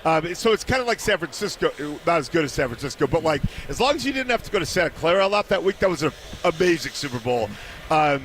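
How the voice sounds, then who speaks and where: A man appearing as a guest sports writer on a radio show, telling wry, animated stories with halting restarts. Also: a little high, slight background noise. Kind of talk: casual chat. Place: broadcast booth on a convention radio row.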